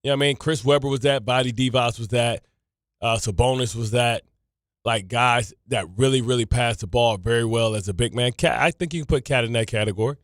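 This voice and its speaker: A man co-hosting a sports talk radio show from a studio, animated and slangy in his talk. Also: mid-range voice, brisk, no echo.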